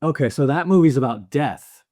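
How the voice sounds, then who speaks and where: A man's voice: a little high, lively intonation, moderate pace, a little mellow, dry recording, clean studio sound. Man musing in casual podcast chat. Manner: thoughtful, musing, many "you know" fillers. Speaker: podcast co-host. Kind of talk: casual film discussion.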